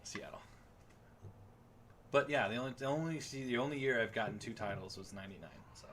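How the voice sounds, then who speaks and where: A young man co-hosting a sports podcast live stream, chatting eagerly about his teams in quick casual banter. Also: medium pitch, a bit bright, a little hiss or hum. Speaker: podcast co-host.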